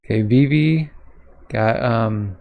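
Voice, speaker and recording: A man hosting a comic reaction video, reading aloud and commenting casually, often pausing with ums as he searches for names. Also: mid-range voice, creaky, highs cut off. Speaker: manga reaction host.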